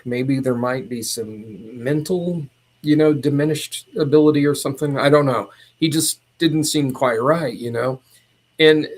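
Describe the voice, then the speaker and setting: A man who is a podcast guest, recounting a personal story in a casual, meandering and animated way. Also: fairly high pitch.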